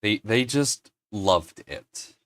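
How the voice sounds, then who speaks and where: Stream host guy telling an emotional story, swears a bit, really expressive voice, slow. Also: fairly low pitch, no echo, clean studio sound. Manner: emotional, animated storyteller who swears and gets choked up. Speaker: livestream host. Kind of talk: casual livestream storytelling.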